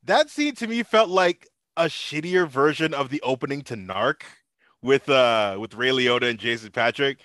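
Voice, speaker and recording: A man joining a casual movie review podcast, joking and quick to laugh. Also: mid-range voice, expressive, a bit bright, no echo.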